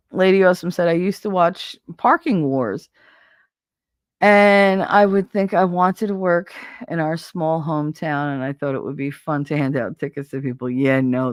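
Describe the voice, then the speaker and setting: A woman's voice: low voice, no room sound, clean studio sound. Chatty, profane New Jersey woman. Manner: chatty, profane, animated storytelling. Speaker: livestream host. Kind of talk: casual chat reading viewer comments. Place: at home, smoking.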